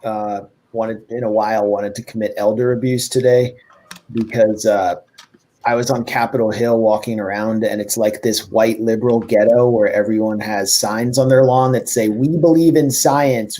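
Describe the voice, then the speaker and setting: A man's voice: lowish voice, flat delivery, moderate pace, warm tone. A man joining a casual talk show as a guest, telling stories with a dry, sardonic humor. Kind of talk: casual chat.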